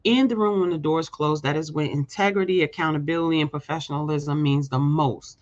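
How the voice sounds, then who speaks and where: A woman's voice: deep voice, brisk, dull audio. A woman hosting a motivational live show, talking emphatically, repeating phrases, asking "right?" and calling her viewers "y'all". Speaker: host of a live show; healthcare staffing agency owner. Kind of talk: motivational live-stream talk.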